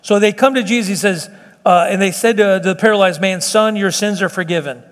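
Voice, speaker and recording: Middle aged guy preaching to a small church, kinda high voice, talks plain and earnest, reverb from the hall. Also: fairly quick. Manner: earnest, repetitive, conversational preaching with restarts. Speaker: pastor. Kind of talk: sermon. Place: church meeting room.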